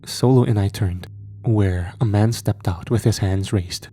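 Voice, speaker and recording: A man narrating a first-person horror story in a measured, steady way. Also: on the low side, slight background noise.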